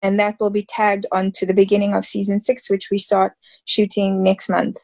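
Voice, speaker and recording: A woman's voice: mid-range voice, monotone, moderate pace, gravelly, a little mellow. A woman in her thirties from South Africa, an actress talking casually in an interview, rambling and full of fillers. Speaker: actress guest.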